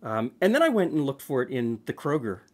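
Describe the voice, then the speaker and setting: A man hosting a cooking show, explaining a blind tasting in a relaxed, plain-spoken way from his studio. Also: mid-range voice, fairly quick. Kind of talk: casual tasting chat. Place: home studio kitchen.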